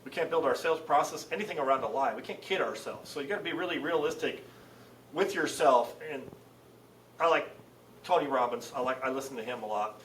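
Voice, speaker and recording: Fast-talking middle-aged man, roomy distance. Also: medium pitch, a little hiss or hum. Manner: animated storyteller acting out dialogue. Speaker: CEO guest. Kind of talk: casual podcast conversation. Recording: roomy, distant mic with faint ambience.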